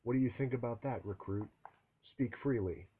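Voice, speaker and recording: A man reading the part of a gruff, foul-mouthed, menacing drill sergeant in a barking voice. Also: medium pitch, normal speed, slight background noise, pitched above the performer's own voice, close to an everyday voice, poor audio. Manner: barking, profane, forceful delivery.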